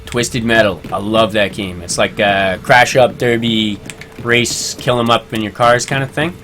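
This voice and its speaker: A man's voice: fairly low pitch, steady tone, unhurried, a bit bright, slight background noise. Chatty male game streamer. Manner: chatty, reads viewer comments aloud and laughs easily. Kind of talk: casual live-stream chat while gaming.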